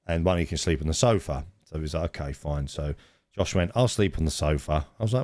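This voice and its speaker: Middle-aged podcast co-host, deep voice, lively anecdotal delivery, dry studio mic. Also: male voice, quick pace, no room sound. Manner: animated storyteller, laughs often, many restarts. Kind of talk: casual storytelling chat.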